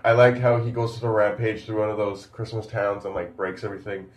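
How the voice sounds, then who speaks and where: A man's voice: lowish voice, level tone, fairly quick, roomy sound. A man giving a casual, rambling video review, enthusiastic and full of fillers and restarts. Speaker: YouTube reviewer.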